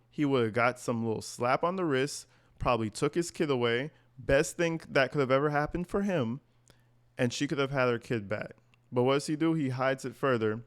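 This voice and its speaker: A man hosting a commentary channel, reacting to an interview in a blunt, profane, animated rant. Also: medium pitch.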